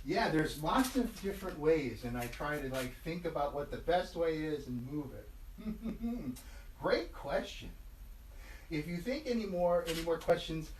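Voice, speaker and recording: A man's voice: fairly high pitch, animated, unhurried, echoey room, recorded from a distance, a little hiss or hum. Playful, sing-song male puppeteer. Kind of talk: nursery-rhyme puppet comedy.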